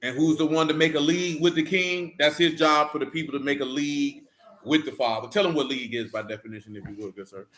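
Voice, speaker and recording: A man's voice: a little high, steady tone, fast talker, a bit bright. A man leading an interactive Bible study in a classroom, speaking in with a conversational, call-and-response manner and teasing asides. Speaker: Bible teacher. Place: classroom with a group.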